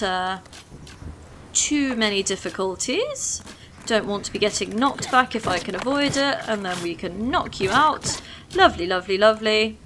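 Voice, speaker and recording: A woman giving casual gameplay commentary, chatty and excitable, talking fondly to her units as she plays. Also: mid-range voice, a little hiss or hum.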